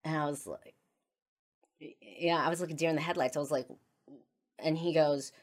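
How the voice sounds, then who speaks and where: A woman hosting a podcast, talking through a personal confession in halting speech full of fillers, often trailing off quietly. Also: deep voice, steady tone. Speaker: podcast host.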